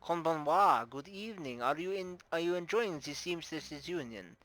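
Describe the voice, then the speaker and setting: In a tabletop game, a man voices a shrewd, playful middle-aged brothel madam who runs her house with formal, teasing grace and a put-on Russian accent, her mood gracious. His animated voice is a little high, bright and pitched above his own, at a moderate pace, on a rough recording.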